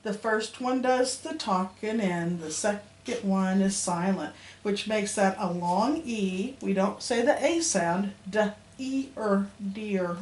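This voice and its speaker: A woman's voice: medium pitch, slow, darkish tone. A middle-aged woman teaching young children to read, sounding out letters and words in a patient, sing-song way. She talks unhurriedly. Her voice rings in a roomy space over a faint background hum. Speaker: elementary school teacher. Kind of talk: phonics lesson to young children.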